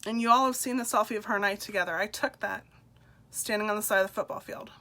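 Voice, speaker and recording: A middle-aged woman, a mother, telling her personal story in an emotional, halting way with soft laughs between lines. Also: medium pitch, steady tone. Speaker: speaker sharing her story. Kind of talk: personal testimonial talk.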